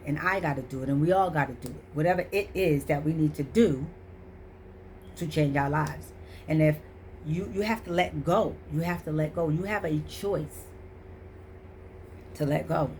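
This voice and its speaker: Emphatic motivational woman, low-voiced. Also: a little hiss or hum. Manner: emphatic, repetitive, preachy and animated. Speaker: motivational vlogger. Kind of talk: casual motivational talk.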